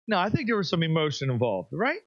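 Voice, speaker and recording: A man preaching an evening sermon, emphatic, pushing his voice up high for stress and dropping it low and quiet. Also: huge pitch swings, quick pace, no echo, dull audio. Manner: emphatic, rises and drops sharply for effect. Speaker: pastor.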